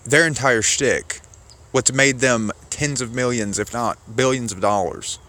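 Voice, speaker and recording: A man's voice: mid-range voice, sharp tone. A man giving casual political commentary, argumentative and sarcastic, rambling as he rebuts a clip.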